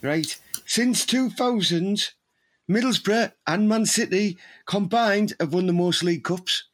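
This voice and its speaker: A man's voice: high voice, unhurried, a bit bright. A man, rambling and laughing through crude comic banter as a podcast co-host.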